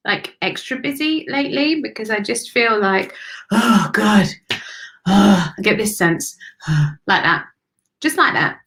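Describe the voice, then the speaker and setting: A woman's voice: medium pitch, vocal fry, fairly bright tone, slight background noise. Effusive woman doing a spiritual reading. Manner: affectionate, calls listeners honey and darling; chatty and effusive, thinking aloud. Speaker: spiritual card reader and host. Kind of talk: live-streamed intuitive card reading.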